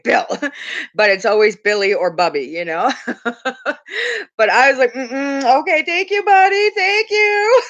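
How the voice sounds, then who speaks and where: A middle-aged mother with a medium-pitched, fairly bright voice chats casually on her live stream. She's a chatty storyteller who giggles often and mimics the voices of the people in her stories.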